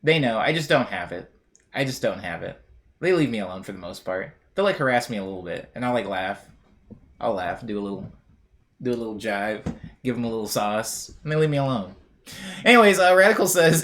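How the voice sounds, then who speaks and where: Lively young man chatting casually. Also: lowish voice, fairly quick. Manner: chatty, jokey, rambling. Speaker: streamer reading chat. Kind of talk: casual chat.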